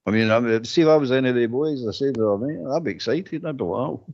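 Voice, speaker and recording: A Scottish man co-hosting a casual football phone-in, talking in an animated way with repeated words. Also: medium pitch, racing. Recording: dull lo-fi phone-in audio.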